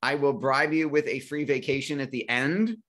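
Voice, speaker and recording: A man's voice: mid-range voice, steady tone, moderate pace, a bit bright. A man in his forties hosting a live financial webinar, telling a personal story and acting out phone calls with family.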